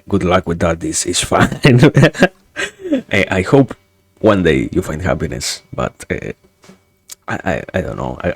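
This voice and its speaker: A man with a very deep, gravelly voice chats on a live stream. He talks slowly and stumbles over repeated words, though his pitch swings widely. The sound is close and dry. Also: no echo. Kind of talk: casual live-stream chat. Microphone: streaming mic.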